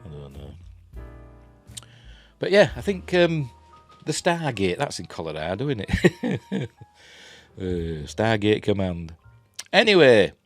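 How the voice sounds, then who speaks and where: A deep-voiced man with a Yorkshire accent recaps a TV episode in a loose, rambling way, chuckling and joking at his own expense between fillers. Soft music plays faintly underneath. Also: huge pitch swings, takes it slowly, long pauses. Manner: rambling, chuckling, self-deprecating, many fillers. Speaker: TV reviewer. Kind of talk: casual spoken review.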